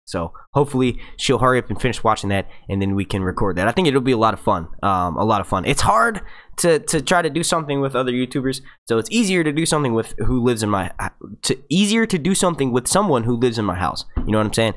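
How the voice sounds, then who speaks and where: A man's voice: mid-range voice, big pitch swings, quick pace, fairly bright tone. A young man hosting his own live stream, chatting casually and rambling, swearing freely and laughing at his own slips. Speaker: YouTube host.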